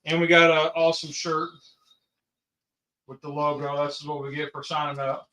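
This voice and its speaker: A man's voice: fairly high pitch, little pitch movement, moderate pace, pushed and bright. A middle-aged man hosting a casual livestream, rambling and chatty as he talks to viewers and family. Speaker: livestream host and home cook. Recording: dull, distant mic.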